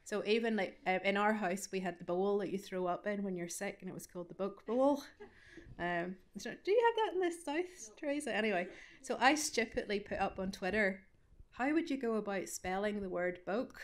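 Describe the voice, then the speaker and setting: A woman's voice: mid-range voice, lively intonation, normal speed. A woman with a Northern Irish Ballymena accent, an author answering questions at a study day in a chatty, self-deprecating way with lots of asides. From Northern Ireland. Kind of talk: conversational Q&A answer.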